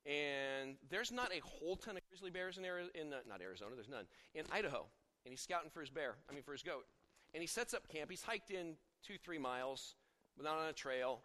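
A middle-aged pastor preaches a sermon in a conversational, storytelling way, often stopping and restarting mid-sentence. His voice sits on the high side, brisk and bright with a forceful tone and lively intonation. A long hall reverb surrounds the recording.

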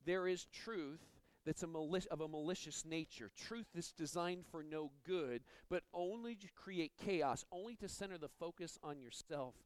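A man's voice: on the high side, moderate pace, few pauses, smooth, dry recording, poor audio. A man preaching a sermon, earnest, often stumbling and repeating words as he explains a passage. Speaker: pastor.

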